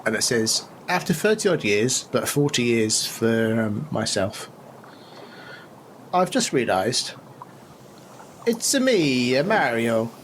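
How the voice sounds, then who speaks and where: A man co-hosting a podcast in casual chat, with a lively, swooping way of talking. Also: medium pitch, slight background noise. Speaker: podcast co-host.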